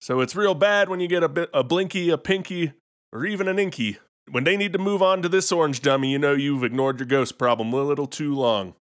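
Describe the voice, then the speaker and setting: Man playing a Southern ghost exterminator, homespun, seen-it-all, slightly higher voice. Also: brisk, a bit bright, natural voice. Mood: folksy. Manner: drawling, homespun, world-weary boasting. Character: folksy male Southern ghost exterminator, unfazed. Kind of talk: improvised comedy role-play.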